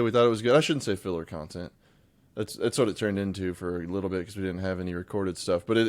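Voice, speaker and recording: A man's voice: fairly low pitch, clean tone, no echo. A man co-hosting a podcast in casual chat, upbeat and talking straight to listeners. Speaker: podcast co-host.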